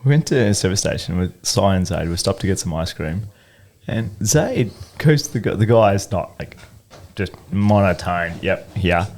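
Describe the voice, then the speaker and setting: Teasing man, lively voice. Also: low-pitched, moderate pace, vocal fry. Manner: teasing, swears casually, acts out voices. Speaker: podcast co-host; parent. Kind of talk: casual chat.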